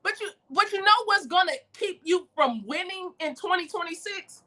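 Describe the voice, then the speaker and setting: A woman giving a preacherly motivational talk, calling listeners baby and swinging from shouts to hushed lines. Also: extremely high pitch, lively intonation, moderate pace. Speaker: motivational speaker.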